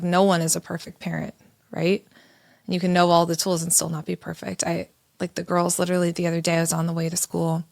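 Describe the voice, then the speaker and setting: Woman podcast co-host, low voice, gravelly fry, dry close sound, candid and animated. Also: no echo. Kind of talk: casual conversational podcast.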